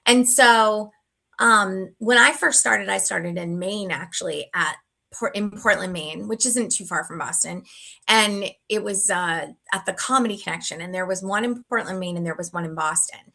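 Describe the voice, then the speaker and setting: A woman comedian talks casually as an interview guest, her voice carrying a gravelly rasp. Her tone is bright and forceful. She chats in a playful, riffing way. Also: mid-range voice. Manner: chatty, playful, quick to riff and joke. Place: room with paintings.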